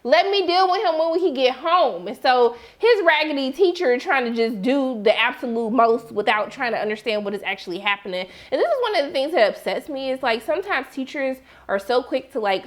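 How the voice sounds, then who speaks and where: A young woman reviewing a TV episode in a casual, animated chat, jumping into excited exclamations as she reacts. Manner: animated, expressive, swings into high excited exclamations. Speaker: TV recap reviewer.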